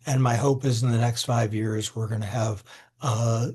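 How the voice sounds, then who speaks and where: An older man, a law professor, answering interview questions in a thoughtful, halting way, at times emotional. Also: medium pitch, little pitch movement, darkish tone, slightly rough.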